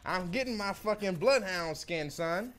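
A young man, streaming a game pack opening with animated, slangy, swearing commentary. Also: high voice, unhurried, a little hiss or hum.

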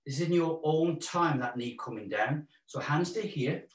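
A Welsh fitness instructor leads a live exercise class, animated and upbeat, joking and encouraging as he counts out the moves and calls the breaths at a normal speed. His voice sits fairly high for a man. The recording has a roomy echo, with the mic placed at a distance.

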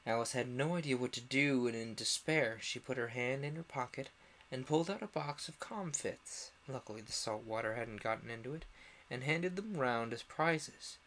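A man's voice: medium pitch, moderate pace, fairly bright tone, slight background noise. A young man casually reading a storybook aloud on a stream, with small slips and restarts along the way.

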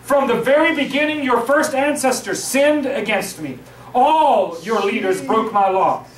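A man pastor preaching a sermon from the pulpit, lively and joking with his congregation. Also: very high-pitched. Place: church sanctuary, at the pulpit. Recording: echoey room, voice from far off.

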